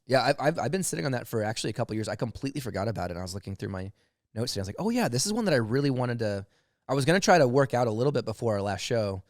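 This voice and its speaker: A man's voice: medium pitch, animated, racing, dry recording, studio quality. A man co-hosting a comedy podcast, chatting casually and eagerly talking through joke premises. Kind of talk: casual chat.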